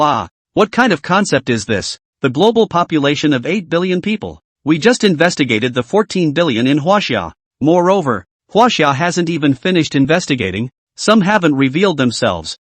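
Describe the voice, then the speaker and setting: A man's voice: a little high, dry recording. A man narrating a manhwa recap, reading all the dialogue himself in one voice.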